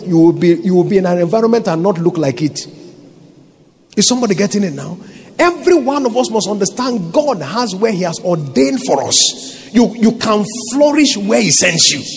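A man's voice: sits high, a little mellow, husky. A Nigerian man preaching a sermon as pastor, emphatic and full of rhetorical questions to his congregation.

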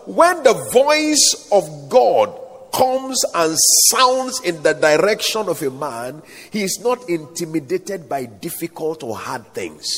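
A man preaches in a husky voice that swings widely and sits high. His long reverb fills a hall, and he keeps the delivery emphatic with call-and-response. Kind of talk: sermon. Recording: echoey hall, voice at times off-mic.

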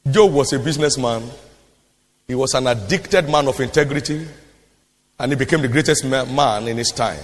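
A man preaching a sermon, repeating his lines emphatically and building to shouted declarations. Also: mid-range voice, normal speed. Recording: reverberant hall.

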